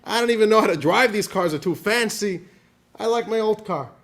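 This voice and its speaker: Man doing an elderly mother, homey, fussy complaining, told as a classroom story, slightly high voice. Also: brisk, fairly bright tone. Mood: fond complaint. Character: elderly mother writing to her sons, plainspoken.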